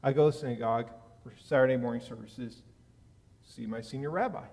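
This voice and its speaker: A man giving a sermon as a rabbi, telling a personal story in an animated way that rises loud at key moments. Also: medium pitch, brisk, vocal fry. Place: synagogue sanctuary. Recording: long reverb of a large hall.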